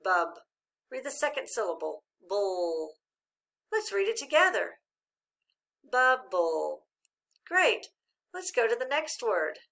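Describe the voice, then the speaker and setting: A woman teaching a phonics lesson to children, spelling letters out slowly and praising often. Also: a little high, sing-song, a bit bright. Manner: slow, drawn-out spelling of letters with encouraging praise.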